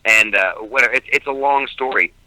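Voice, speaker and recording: Comedian guy on the phone, very bright edgy voice, lots of i-i restarts. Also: medium pitch, brisk, no room sound, rough recording. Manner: animated, stammering restarts. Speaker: stand-up comedian, guest. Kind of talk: casual radio interview. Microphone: phone call.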